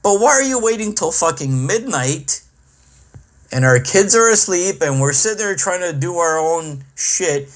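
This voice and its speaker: A middle-aged man rants through a comic podcast monologue, swearing freely and sounding exasperated. His voice sits a little above the usual male pitch. He tells the story in a loose, conversational way, full of asides. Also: expressive, a little slow. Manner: profane, exasperated ranting. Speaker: podcast host and comedian.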